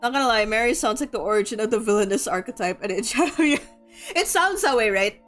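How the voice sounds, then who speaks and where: A woman's voice: a little high, lively intonation, a little fast, a bit bright, soft background music. A young woman from the Philippines chatting casually about a book, rambling with lots of fillers and laughter. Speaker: streamer.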